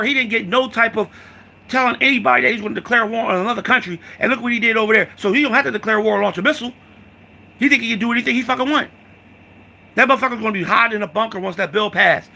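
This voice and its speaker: A man's voice: sits high, vocal fry, bright, forceful tone. A man from the United States giving a heated, profane political rant, repeating himself and calling the listener "dog".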